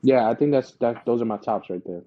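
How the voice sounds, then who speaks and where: A man co-hosts a podcast in a casual chat, his medium-pitched voice brisk and the sound lo-fi. He's laid-back and rambling, full of fillers and restarts.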